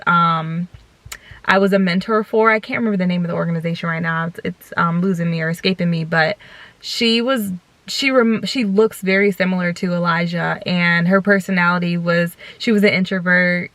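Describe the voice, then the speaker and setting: A woman's voice: mid-range voice, sharp tone, no room sound. A young woman vlogger talking earnestly and directly to her viewers, recording from a parked car. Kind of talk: casual chat to camera.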